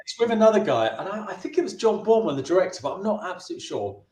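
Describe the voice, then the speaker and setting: High-voiced man telling a chatty story. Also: very animated, racing, echoey room, crowd noise. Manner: chatty, with frequent restarts and brief put-on voices for the people in his stories. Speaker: filmmaker interviewee. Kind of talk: anecdotal storytelling in a casual interview.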